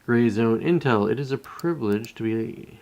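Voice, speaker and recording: A man chatting loosely to his live-stream viewers in a voice of middling pitch. He rambles, swears freely and keeps cutting himself off mid-thought to start over. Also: moderate pace, vocal fry, a little mellow. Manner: rambling and profane, with many self-interruptions. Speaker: livestreamer. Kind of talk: casual live-stream commentary.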